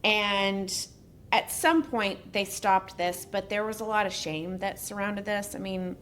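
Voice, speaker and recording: A woman's voice: medium pitch, unhurried, fairly bright tone, a little hiss or hum. A woman co-hosting a casual podcast, reading a prepared story with joking asides. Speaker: podcast co-host.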